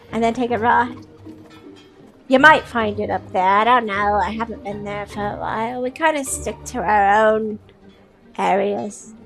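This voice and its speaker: A woman's voice: on the high side, fairly bright tone. A woman doing a brash young halfling woman.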